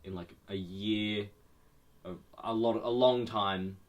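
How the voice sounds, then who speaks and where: A young man co-hosting a podcast in casual chat, rambling with restarts and swearing freely, his voice a little low and groggy in the morning. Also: fairly even intonation, slow, highs cut off. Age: young adult. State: morning voice, a bit lower than usual. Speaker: podcast co-host.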